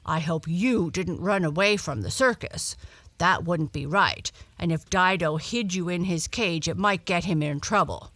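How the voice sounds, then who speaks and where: A woman voicing a male dog who is gruff and cross at first but good-hearted, with a hearty, blustery way of talking. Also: on the low side, unhurried, a bit bright, no echo. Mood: kindly.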